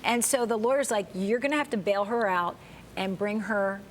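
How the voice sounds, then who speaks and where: A woman guest co-host telling a personal story on a talk show, animated and acting out the people in it. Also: medium pitch, normal speed, slight background noise.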